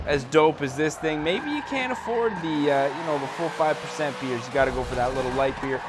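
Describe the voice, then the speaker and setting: A young man from Canada talks through a car build and a drive in a loose, rambling way, joking as he goes and leaning on lots of fillers. His voice sits a little higher than most men's. The sound is close and simple, like a desk mic in a home gaming setup. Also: moderate pace, hardly any pauses, a little hiss or hum. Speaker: gaming channel host. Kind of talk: casual gameplay commentary.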